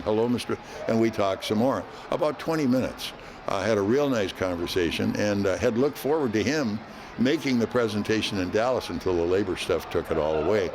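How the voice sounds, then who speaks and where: An older man, a veteran hockey announcer, telling stories in an interview in a folksy, unhurried way with frequent fillers. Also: fairly low pitch, noisy background. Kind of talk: relaxed interview storytelling.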